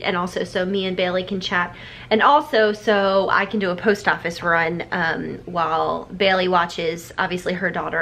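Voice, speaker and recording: A woman's voice: fairly low pitch, fairly bright tone, slight background noise. A young woman chatting casually and rambling to her camera at home. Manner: rambling, chatty, self-deprecating. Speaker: vlogger. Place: living room at home.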